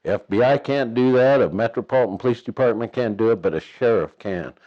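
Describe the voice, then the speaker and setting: A man's voice: medium pitch, quick pace, dull audio. A man who works on a buffalo ranch, telling his own story in a plain-spoken, folksy way and chuckling as he goes.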